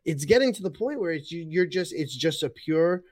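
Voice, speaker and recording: A man's voice: a little high, animated, fairly quick, no room sound. A man from New York in casual chat, ranting heatedly and swearing now and then.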